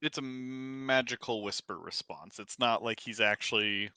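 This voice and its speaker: Bright, dry-voiced player man. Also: mid-range voice, measured pace, clear, resonant tone, dry recording. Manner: earnest, clarifying rules. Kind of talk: tabletop game chat.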